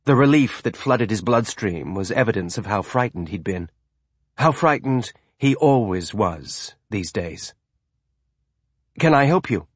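A man reading a novel aloud as an audiobook narrator, with a measured, even storytelling delivery. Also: on the low side, husky, dry recording, studio quality. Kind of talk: scripted narration.

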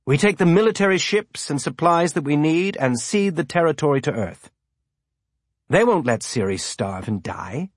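A grandiose rebel leader, as a man puts him on in a storybook reading, speaking in lofty, commanding speeches. The voice sits a little higher than the reader's own and has a husky edge, recorded dry and close. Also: dry recording.

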